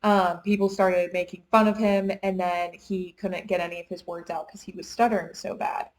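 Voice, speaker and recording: A woman's voice: on the low side, level tone, normal speed, poor audio. A young woman in casual chat, retelling a book plot in a chatty way with lots of "like". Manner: chatty retelling, heavy use of "like". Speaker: book reviewer.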